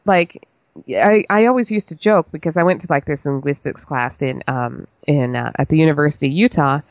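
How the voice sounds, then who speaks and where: A woman's voice: low-pitched, brisk, no room sound, highs cut off. A woman co-hosting a podcast over a video call, chatting casually in a rambling way with many fillers. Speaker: podcast co-host. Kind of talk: casual chat.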